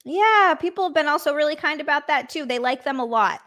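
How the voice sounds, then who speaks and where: A young woman from Hawaii joins a casual podcast as a guest. She talks frankly and giggles easily, in a somewhat high voice. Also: animated, a little fast, fairly bright tone. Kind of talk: casual chat.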